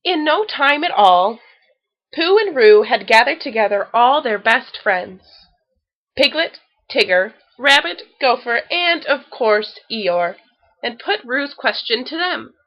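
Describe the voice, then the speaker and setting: Woman, children's story reading, expressive, fairly high voice, dull lo-fi sound. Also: slow. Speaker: storybook reader.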